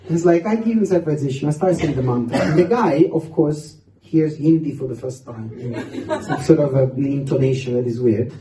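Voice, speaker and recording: A man with a higher-pitched voice talks fairly quickly over a noisy background. Telling funny stories at a youth seminar in a large hall, he often laughs as he goes, picked up by a distant mic in the roomy space.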